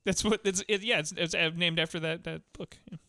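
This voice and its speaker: Bright, crisp-voiced male podcast host. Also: a little high, steady tone, dry recording, studio quality. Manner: rambling, acts out characters in quick voices. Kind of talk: casual film discussion.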